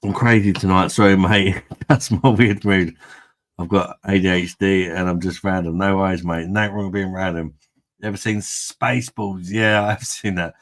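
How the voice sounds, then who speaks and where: He hosts a casual livestream, reading viewer comments aloud in a low-pitched, steady voice at a moderate pace. He's had some beer, so he's jokey, rambling and quick to laugh.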